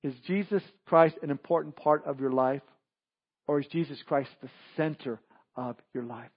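A man with a high voice preaches a sermon to his congregation. He delivers it with emphatic, punchy lines that swell up for emphasis. The recording is slightly dull and lo-fi. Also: normal speed, breathy edge. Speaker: pastor.

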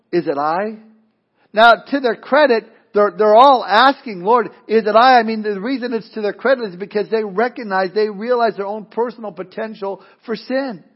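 A man preaching a sermon in a conversational, animated way, with asides and playful mock voices. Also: high voice, highs cut off. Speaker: pastor.

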